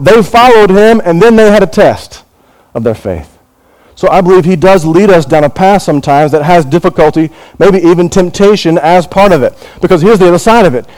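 A middle-aged male pastor preaching in a church, his voice sitting a little high for a man. He swings his pitch widely as he acts out scenes and quoted voices. It is a lively, expressive sermon delivery. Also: poor audio. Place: church in Hong Kong.

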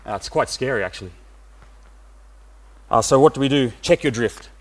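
A middle-aged man from Australia giving a sermon, pausing often with "uh" fillers. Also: mid-range voice, lively intonation. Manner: hesitant, many "uh" fillers. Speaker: preacher.

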